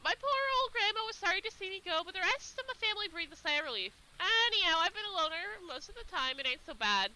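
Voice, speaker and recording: A rough, good-natured otter fellow, as a woman puts him on, chatting in folksy slang with a bright, lively lilt. He is a cheerful loner from a storybook, easygoing and cheeky. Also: very high-pitched, fast talker, few pauses, voice pushed up, exaggerated voice, low-quality recording. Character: friendly roguish male otter, a rough loner.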